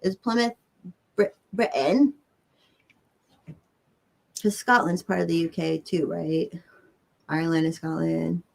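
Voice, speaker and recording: A woman's voice: low voice, fairly even intonation, takes it slowly, creaky, pauses often, a little mellow. A Southern American woman hosts a livestream and chats with her viewers in a loose, rambling way. She swears casually as she talks to them. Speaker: livestream host. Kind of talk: casual chat answering viewers.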